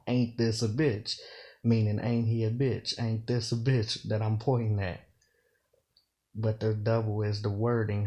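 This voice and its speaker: A man's voice: lowish voice, a little mellow. A man giving casual commentary on battle rap, explaining slang and double meanings and often saying "you know". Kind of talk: casual bar breakdown commentary.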